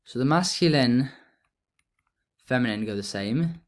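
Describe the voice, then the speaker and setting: A man explaining grammar in a relaxed lesson, thinking aloud as he writes notes. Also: mid-range voice, measured pace. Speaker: teacher.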